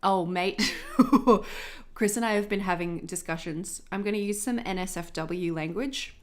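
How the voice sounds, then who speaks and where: A woman's voice: on the low side, a little fast. Bubbly Australian woman livestreaming. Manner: chatty, bubbly, talks to chat viewers. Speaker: journaling livestream host. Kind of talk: casual livestream chat.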